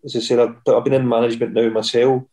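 A man's voice: mid-range voice, level tone, fast talker, mellow, poor audio. A middle-aged man with a Scottish accent, a podcast guest telling rambling stories and acting out the other people's voices. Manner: rambling anecdotes, acts out quoted voices. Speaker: guest, former footballer. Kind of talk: podcast storytelling.

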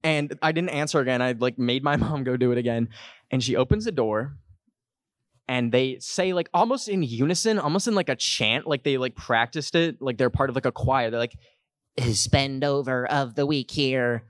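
A young man hosting a podcast, telling a comic story to a live audience in an animated, jokey way. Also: fairly quick, no room sound, clean studio sound. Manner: animated, jokey, puts on high voices for quotes. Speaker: podcast host.

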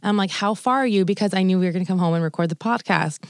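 A young woman co-hosts a casual podcast and tells a long story in a chatty, animated way. She acts out what people said, swears and laughs along the way. Her voice is close and dry, in the middle of the female range. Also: mid-range voice, very fast, clear, resonant tone, no room sound. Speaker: podcast co-host. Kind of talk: casual chat, long anecdote.

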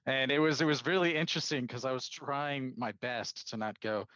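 A man's voice: mid-range voice, a little fast, a bit bright, dry recording. Chatty male podcast guest, dull dry sound. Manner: chatty storyteller, acts out quoted dialogue. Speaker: guest, sports stats analyst. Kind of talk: casual interview chat.

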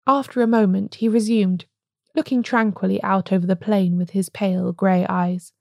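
A woman podcast host reading a story in measured, scripted narration. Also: medium pitch, fairly even intonation, vocal fry, mellow, no room sound, studio quality.

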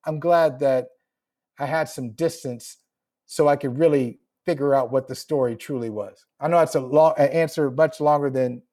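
A man's voice: mid-range voice, moderate pace, a little mellow. A man who is an author, answering podcast questions remotely in a reflective, emotional way and laughing often. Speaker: author guest. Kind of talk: podcast interview.

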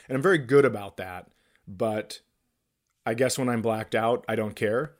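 A man's voice: mid-range voice, normal speed. A man, a comedian and podcast host, telling a story in casual chat with self-mocking humor.

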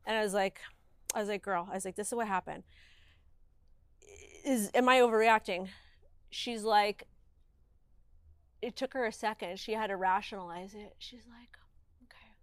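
A woman's voice: medium pitch, normal speed, pauses often, clean tone, no echo. Candid, emphatic woman interview guest. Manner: emphatic, animated, heavy use of "like".

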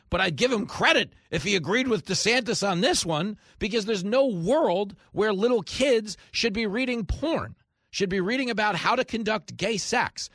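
A New man hosts talk radio in a comedic monologue. His bright voice swings widely in pitch as he acts out quoted characters. The studio sound is dry and close. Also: no room sound. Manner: animated, acts out voices in quotes, rising to shouts. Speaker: radio talk show host.

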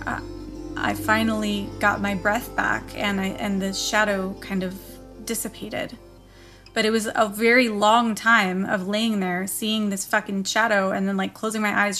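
A woman's voice: mid-range voice, a bit bright. A woman recounting a personal experience as a podcast guest, emotional, swearing and full of fillers. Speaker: guest singer-songwriter. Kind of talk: telling a personal story.

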